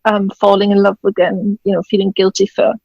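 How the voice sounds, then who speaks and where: A German woman, an author and widowed mother, tells a personal story as a guest on an interview podcast, speaking casually from her home in Scotland and acting out the dialogue. Her mid-range voice is a little fast, gravelly, slightly rough yet a little mellow, with little pitch movement. The recording is muffled, with no echo.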